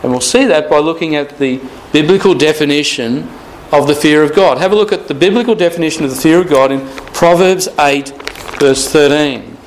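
Male preacher, slightly high voice, deliberate and repetitive, drawn-out scripture reading. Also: a little hiss or hum, low-quality recording. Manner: slow and deliberate, repeating key phrases, stretching scripture quotes. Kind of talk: Bible teaching sermon.

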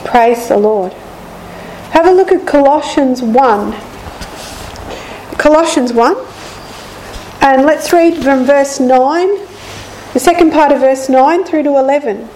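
Lady preaching slow, high mellow voice, faint room hum. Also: poor audio. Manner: slow, deliberate, repeats scripture lines. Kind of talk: slow Bible teaching.

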